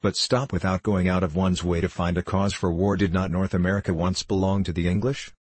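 A man reading the part of a fiery, warmongering old gunnery veteran who bursts out in indignant bluster. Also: low voice, flat delivery, brisk, slightly rough. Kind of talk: audiobook character reading.

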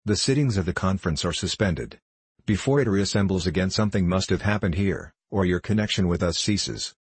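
A guttural, scheming diplomat sneers and mocks in a deep, low voice, as a man reads him aloud. His tone stays condescending and sly, with a husky edge. The audiobook recording is dry and close. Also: brisk, dry recording. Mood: mocking. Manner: mocking, condescending. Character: scheming, contemptuous male foreign diplomat. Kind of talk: audiobook character reading.

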